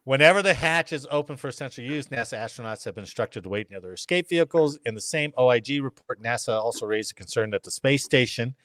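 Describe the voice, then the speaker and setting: A man's voice: medium pitch, animated, fast, few pauses, fairly bright tone, no room sound, clean studio sound. A man hosting a casual podcast, reading news articles aloud and breaking off for joking asides. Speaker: podcast host.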